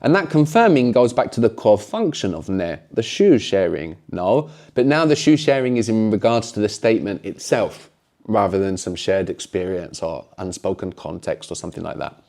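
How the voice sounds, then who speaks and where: A man's voice: lowish voice, lively intonation, normal speed, darkish tone. A man teaching a language lesson, explaining patiently and often closing points with a questioning "no?".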